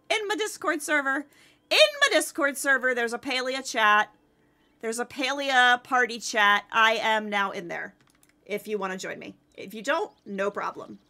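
A woman streaming a game live, commenting excitedly to her chat and teammates. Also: sits high.

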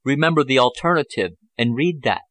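A man doing Laverick, an earnest young gentleman. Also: mid-range voice, expressive, brisk, no room sound, close to an everyday voice.

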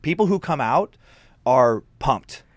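A man, a guest comedian, in casual podcast chat, animated and swearing freely as he acts out angry outbursts. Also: mid-range voice, slow, dry recording, clean studio sound.

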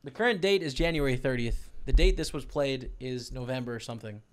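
Male poker YouTuber, smooth voice, chatty and rambling, mid-pitched, talks straight to viewers. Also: a little fast. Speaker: poker YouTuber commenting over a broadcast. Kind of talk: casual chat over poker footage.

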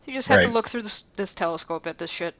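A woman's voice: medium pitch, lively intonation, racing, fairly bright tone, highs cut off, slight background noise. A woman co-hosting a game let's play in casual chat, swearing freely and laughing often.

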